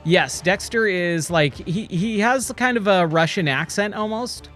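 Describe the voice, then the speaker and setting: A man in his forties streaming a game, rambling casually and nostalgically, full of "dude" and quick excited asides. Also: fairly high pitch, faint music behind. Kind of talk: casual gameplay commentary. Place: home, playing a VR game.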